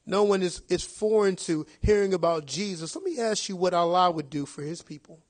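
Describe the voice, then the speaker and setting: A man's voice: high voice, lively intonation, a little fast. A man preaching a sermon in a conversational way, asking his listeners rhetorical questions.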